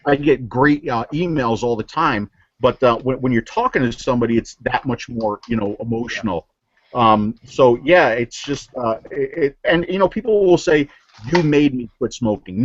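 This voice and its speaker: A man's voice: mid-range voice, lo-fi sound. A man from New Jersey, a guest on a casual show, telling stories in an earnest way with many fillers and restarts over a video call. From New Jersey, USA. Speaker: guest vaping reviewer. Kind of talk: casual chat, storytelling.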